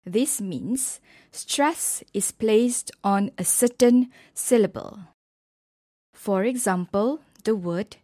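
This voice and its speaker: A woman lecturing on English word stress at a very slow, careful pace, setting each example word apart with a pause. Her voice sits at an ordinary pitch. It is recorded close and dry, with no room sound. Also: mellow, no room sound. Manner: slow, deliberate, pausing between example words. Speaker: English pronunciation teacher. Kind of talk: scripted lecture narration.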